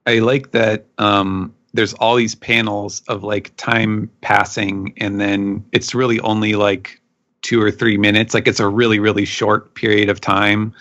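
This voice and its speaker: A man guest on a podcast, talking slowly and hesitantly with many fillers. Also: on the low side, level tone, a bit bright, muffled recording. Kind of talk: casual chat about a manga chapter.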